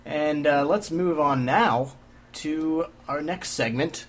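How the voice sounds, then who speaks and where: A man's voice: a little high, slow pace, slight background noise. Wry man hosting a comedy podcast. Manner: jokey, wry, leads segments. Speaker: podcast host. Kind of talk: casual comedy chat.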